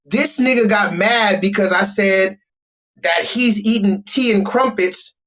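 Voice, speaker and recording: A man hosting a livestream, ranting loudly and bluntly with lots of profanity while talking to his chat. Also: high-pitched, measured pace. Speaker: livestream host. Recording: dull lo-fi stream audio.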